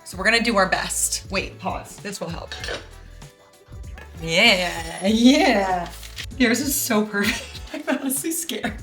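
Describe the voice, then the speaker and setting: A woman's voice: medium pitch, slow pace, pauses often, fairly bright tone, reverberant, faint music behind. A young woman hosting a casual home baking vlog in her kitchen, chatty and self-deprecating and laughing often. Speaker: baking show host.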